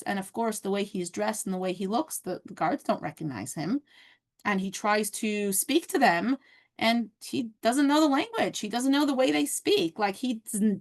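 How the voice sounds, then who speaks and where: Woman teaching a relaxed storytelling class. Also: medium pitch. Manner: conversational, many fillers and restarts. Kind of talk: casual lesson storytelling.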